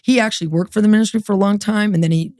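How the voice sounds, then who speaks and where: A woman telling her story as a podcast guest, lively, acting out what others said. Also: mid-range voice, rapid-fire, no room sound, studio quality. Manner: animated, acts out quoted voices.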